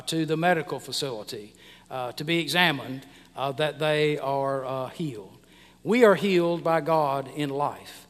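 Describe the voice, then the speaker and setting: A middle-aged man from the United States, preaching a sermon as pastor, who speaks haltingly, with many fillers and restarts. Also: fairly high pitch. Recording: long reverb of a hall.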